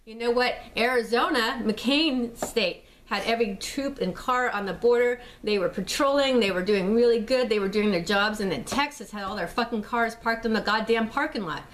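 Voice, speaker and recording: A woman's voice: on the high side, brisk, fairly bright tone, a little hiss or hum. A woman delivering an angry, profane, rambling vlog rant straight to camera. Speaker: vlogger. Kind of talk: ranting vlog monologue.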